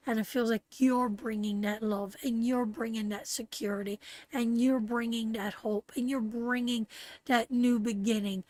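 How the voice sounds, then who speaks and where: A woman with a Canadian accent giving a live tarot reading, talking slowly and tenderly, repeating phrases and getting emotional. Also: on the high side, no echo. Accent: Canadian English. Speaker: tarot reader.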